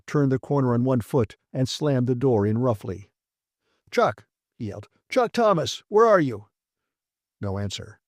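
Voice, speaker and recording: A man reading a classic science fiction audiobook with brisk, vivid storytelling. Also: medium pitch, warm tone, no echo, studio quality. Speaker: audiobook narrator. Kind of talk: scripted narration.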